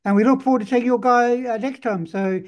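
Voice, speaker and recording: A man's voice: very high voice, a little fast. A man hosting an online webinar, speaking casually and rambling through his thanks. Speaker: host.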